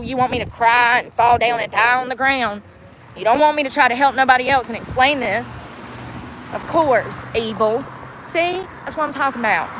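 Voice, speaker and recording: Woman vlogger, blunt and foul-mouthed, mouthy rant on a phone camera, fairly high voice, street noise behind. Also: a bit bright, poor audio. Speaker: homeless vlogger. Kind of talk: ranting vlog. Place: outdoors and in a car. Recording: outdoor street and traffic noise.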